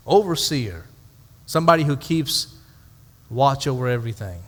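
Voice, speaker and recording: A man's voice: on the high side, measured pace, fairly bright tone, long reverb tail. A male pastor teaching a Bible study to a live audience in a conversational way, asking rhetorical questions and adding dry humorous asides.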